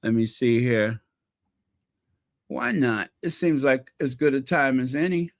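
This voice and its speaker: Slow, dry-voiced man reading chat names. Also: medium pitch, animated, no room sound. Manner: playful, reads out viewer names with mock-posh asides. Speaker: channel host greeting live chat. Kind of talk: casual livestream chat.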